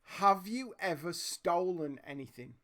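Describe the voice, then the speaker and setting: Unhurried, playful woman host. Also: on the low side, expressive, a crowd in the background. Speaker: podcast host reading questions. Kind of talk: casual chat.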